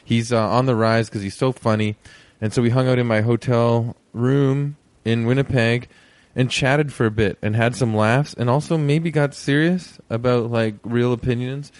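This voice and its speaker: A man's voice: medium pitch, steady tone, moderate pace, no room sound. A man hosting a podcast, introducing the episode in a rambling, joking way with many fillers. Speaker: podcast host.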